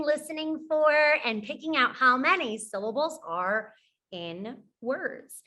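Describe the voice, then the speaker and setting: A young woman teaching preschoolers, speaking slowly and clearly, praising them often and singing simple songs. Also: on the high side, pushed and bright.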